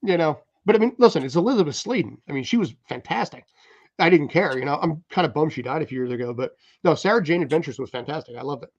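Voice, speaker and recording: A man's voice: fairly high pitch, expressive, quick pace, dry recording. A man co-hosting a casual film podcast, talking enthusiastically and repeating his words as he goes. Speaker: podcast co-host. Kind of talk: casual panel chat. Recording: dull lo-fi sound.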